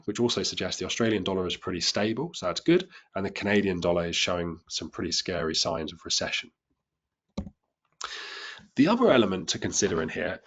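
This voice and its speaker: A husky, lowish male voice belongs to a trading instructor running a live lesson. He chats easily, jokes at his own expense, and keeps restarting and repeating words as he explains things.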